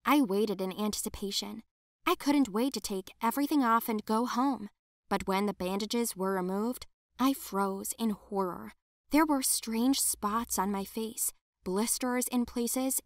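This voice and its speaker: Woman telling an animated story in first person, emotional and dramatic, slightly high voice, dry sound. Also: a little slow, dry recording. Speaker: narrator.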